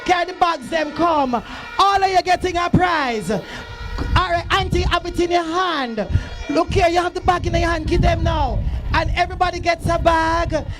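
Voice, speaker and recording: Brief: Jamaican man emcee, very high voice, loud sing-song hype at an outdoor school sports field, faint music behind. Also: moderate pace. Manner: shouting, sing-song, teasing the crowd. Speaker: event emcee.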